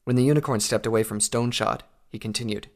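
A man narrating a fantasy story in a steady, measured audiobook reading. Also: mid-range voice, vocal fry. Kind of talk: audiobook reading of fan fiction.

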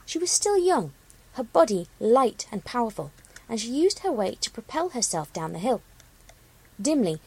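A woman narrating a storybook, reading expressively and slowing down for the dramatic moments. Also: medium pitch, darkish tone, poor audio.

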